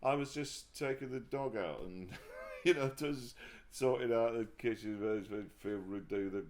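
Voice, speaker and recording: A man talking candidly as an interview guest, often pausing and restarting his sentences before warming into animated storytelling. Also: lowish voice, a little hiss or hum. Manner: halting, restarts sentences, then grows animated telling anecdotes. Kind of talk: casual reflective conversation. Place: livestream conversation.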